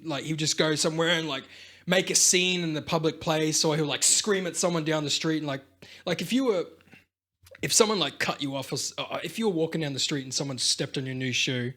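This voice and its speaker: Chatting casually as a podcast co-host, a man spins a meandering story, cursing without restraint and performing the quoted lines in exaggerated voices. His pitch is fairly high, with a slightly bright quality.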